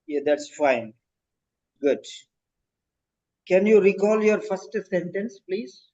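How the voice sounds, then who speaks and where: A man teaching a live online lecture, speaking slowly and emphatically, often asking rhetorical questions. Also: sits high, lively intonation, dark tone. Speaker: instructor. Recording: dull lo-fi audio.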